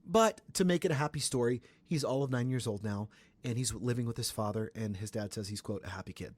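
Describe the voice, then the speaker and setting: A man's voice: a little fast, dry recording. Chatty man hosting a gossip podcast. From Atlanta area, Georgia. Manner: chatty and animated, breaks into high sung bits. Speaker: podcast host. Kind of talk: casual celebrity gossip podcast.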